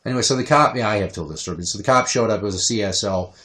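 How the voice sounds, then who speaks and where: A man hosting a casual podcast, telling stories in a profane, animated way with quick rants. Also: on the low side. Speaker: podcast host.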